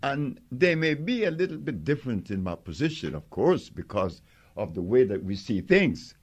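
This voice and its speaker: A man's voice: medium pitch, sing-song, moderate pace, a little mellow, breathy edge. An older man being interviewed, telling stories with emphasis and acting out quoted exchanges, laughing often. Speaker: interviewee, herbal healer. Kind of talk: conversational interview storytelling.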